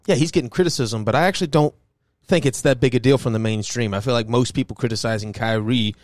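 A man's voice: medium pitch, fast talker, a little mellow, dry recording, clean studio sound. A man co-hosting a casual sports podcast, talking loosely with restarts and casual swearing. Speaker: podcast co-host.

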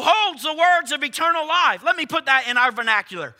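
A man's voice: very high voice, lively intonation, a little fast, sharp tone. A man preaching a sermon emphatically, firing rhetorical questions at his congregation. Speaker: pastor.

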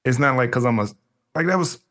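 Man, podcast co-host, casual slang, animated storytelling, acts out friends' voices. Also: mid-range voice, fast. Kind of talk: casual chat.

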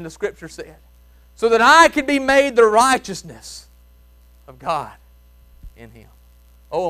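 Here a man with a fairly high voice and a Mississippi accent delivers a church revival sermon. His folksy Southern speech swings between shouts and hushed, gentle tones, and he chuckles as he preaches.

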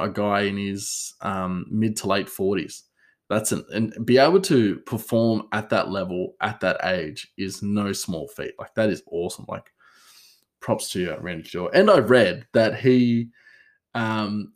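A man with a fairly low voice talks alone on his podcast in a loose, rambling way. He stumbles through fillers and corrects himself as he goes. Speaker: podcast host. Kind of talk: casual solo chat.

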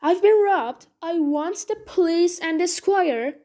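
A woman's voice: sits high, expressive, measured pace, mellow. Woman voicing a distraught robbed old weaver. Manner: pleading, distraught. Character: anxious robbed older male weaver.

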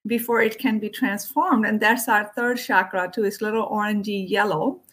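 A woman who works as an Ayurvedic doctor and yoga teacher chats casually and spiritually about emotions, animatedly acting out quoted voices. She speaks at normal speed in a medium-pitched voice.

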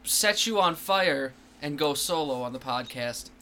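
A man hosting a casual podcast with a wry, deadpan manner, reading jokes aloud. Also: fairly high pitch, measured pace. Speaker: podcast host. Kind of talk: casual chat.

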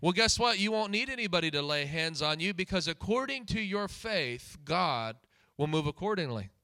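His sermon has a sing-song quality, high, bright and forward, at a moderate pace. He keeps repeating his key lines and questioning the congregation.

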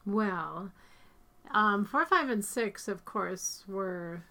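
A middle-aged woman talks casually, her voice gravelly with fry yet bright on top. She tends to trail off mid-sentence, and the heat has left her slightly hoarse. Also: medium pitch, expressive, extremely slow. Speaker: interviewee. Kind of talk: casual chat.

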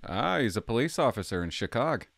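Rambling older man with lively pitch. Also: gravelly, dry recording, studio quality. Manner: rambling, self-conscious, halting. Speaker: channel host. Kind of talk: casual vlog chat.

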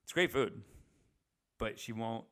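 A man's voice: medium pitch, animated, a little slow, fairly bright tone. A young man talking to the camera in a rambling, casual monologue, swearing and chatting with many fillers and restarts. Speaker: vlogger. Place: indoors at his parents' house.

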